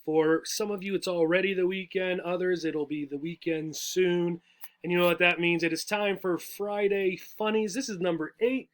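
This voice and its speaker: A man's voice: high-pitched, steady tone, moderate pace. A man teaching a lesson to English learners, patient and explanatory, who keeps checking in with "right?" as he walks through each joke. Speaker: adult education teacher.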